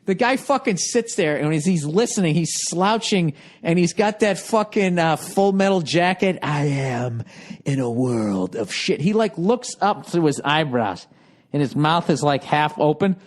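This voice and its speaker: A man's voice: high-pitched, moderate pace. Rambling, profane man hosting a podcast. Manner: profane, rambling, mimics people in goofy voices. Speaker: podcast host. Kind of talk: casual rambling monologue.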